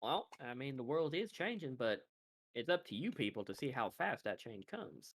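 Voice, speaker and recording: A man narrating a tabletop game as game master, playful and animated over voice chat. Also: mid-range voice, normal speed.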